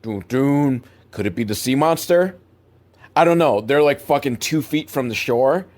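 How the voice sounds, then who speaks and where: A man's voice: medium pitch, lively intonation, moderate pace. A man talks through a cheap movie in loose, rambling asides, swearing casually and hedging with lots of "like" and "I don't know." He laughs at the film's sloppiness as he goes, in an unscripted, conversational way. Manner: rambling, profane, laughs at bad filmmaking. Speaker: movie reviewer host.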